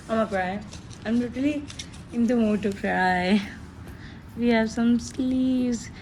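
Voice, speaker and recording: A woman's voice: a little high, a little hiss or hum. A teenage girl, chatting casually and gushing through an unboxing, often giggling. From Pakistan. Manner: gushing, giggly, excitable fan talk. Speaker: vlogger.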